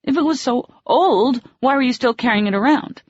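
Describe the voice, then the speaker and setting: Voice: sits high, moderate pace, dry recording, pitched above the performer's own voice. A narrator voicing a flustered, apologetic young woman. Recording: dry, slightly dull audiobook recording.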